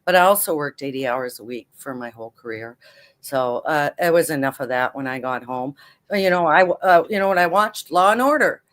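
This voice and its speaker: Speaking briskly, a low-voiced older woman from Canada chats casually as an interview guest. She's a retired federal prosecutor, and her talk wanders, relaxed and full of fillers and asides, as she draws on her prosecuting career.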